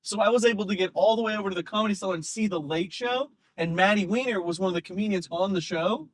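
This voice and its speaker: A man, a comedian, telling an animated, rambling story in casual podcast chat, laughing often. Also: high voice, fast, dry recording. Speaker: comedian guest.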